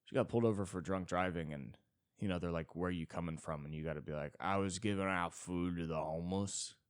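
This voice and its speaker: A young man hosting a solo comedy podcast, rambling and self-deprecating, with sudden jumps into high-pitched bits. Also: quick pace, clear, resonant tone, dry recording, clean studio sound. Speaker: podcast host.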